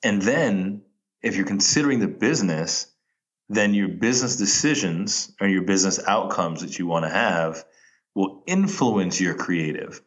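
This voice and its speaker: A man in casual podcast chat, relaxed and laughing often, with many "like"s and "you know"s, talking about filmmaking. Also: deep voice, normal speed, lo-fi sound.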